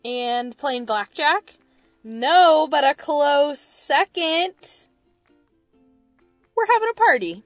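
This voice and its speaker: A woman co-hosts a casual podcast in a fairly high voice with dry, deadpan humor. She sounds close and dry, and the recording is a bit dull and lo-fi. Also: slow pace, pauses often, no echo, faint music behind. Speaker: podcast co-host. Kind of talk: casual chat.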